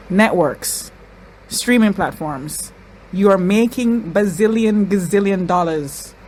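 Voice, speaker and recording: An excitable woman reacts to a show, exclaiming and repeating herself with plenty of "y'all" thrown in. Her voice sits at an ordinary middle pitch and sometimes gets tearful. A faint hiss runs under the recording. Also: low-quality recording. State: crying. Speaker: reaction video host.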